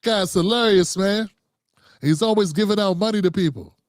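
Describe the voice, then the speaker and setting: Casting note: middle-aged man, relaxed livestream commentary host, slightly high voice, dry close sound. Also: moderate pace, dry recording. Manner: loose and conversational, calls viewers fam.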